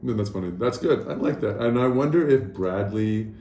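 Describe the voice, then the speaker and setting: Man, casual chat, lively swings in pitch, roomy echo, faint noise. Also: moderate pace. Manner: lively, jokey, swears freely. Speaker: podcast co-host. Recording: echoey room with faint noise.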